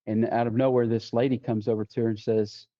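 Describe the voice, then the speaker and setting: A man's voice: medium pitch, level tone, fast talker, dark tone. A man, a deputy sheriff, telling a personal testimony on a podcast, retelling conversations with quoted lines and often restarting his sentences. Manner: vivid retelling with quoted dialogue and frequent restarts. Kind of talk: testimony storytelling. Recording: dull lo-fi sound.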